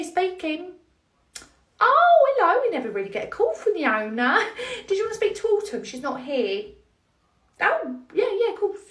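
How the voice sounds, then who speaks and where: A woman's voice: very high voice, reverberant, recorded from a distance, pitched above the performer's own voice, full character voice. Woman playing a chirpy British nursery nurse. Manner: polite, apologetic and chirpy. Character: adult British female nursery nurse, polite.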